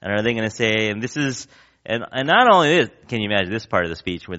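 A man's voice: on the low side, very animated, quick pace, sharp tone, muffled recording. A man preaching a sermon in a conversational way, often asking the congregation questions. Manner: conversational, asks the crowd questions, acts out quotes. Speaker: pastor.

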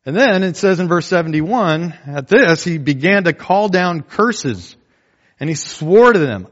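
A pastor preaching a sermon in a conversational way, often asking "right?" and acting out quotes. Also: male voice, on the high side, animated, measured pace, highs cut off.

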